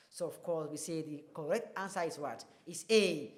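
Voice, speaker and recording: Woman teacher, emphatic, drills example sentences slowly, asks the class questions. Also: lowish voice, lively intonation, a little mellow. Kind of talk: classroom lesson on English stress.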